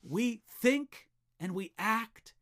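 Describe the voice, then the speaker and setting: A man's voice: sits high, lively intonation, very slow, fairly bright tone. A man giving an earnest, direct teaching talk to preachers and Bible teachers, often repeating a word as he starts a sentence. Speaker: preaching instructor.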